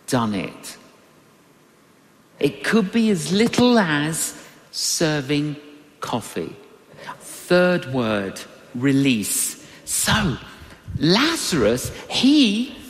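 Slow, animated male preacher in echoey hall. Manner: animated storytelling with big pitch swings. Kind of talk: sermon.

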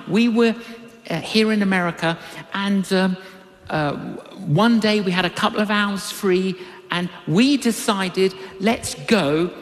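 An older man preaching a sermon, telling a personal story and acting out the voices of people in it. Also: high-pitched. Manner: animated storytelling, acts out voices in quotes. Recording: long reverb of a large hall.

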